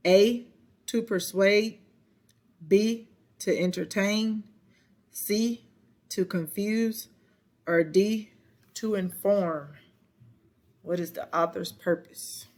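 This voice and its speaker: A person slowly reading a short science passage and quiz questions aloud, stopping now and then to correct themselves. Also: mid-range voice, a little mellow. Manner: slow, careful reading with self-corrections. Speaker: reading lesson reader.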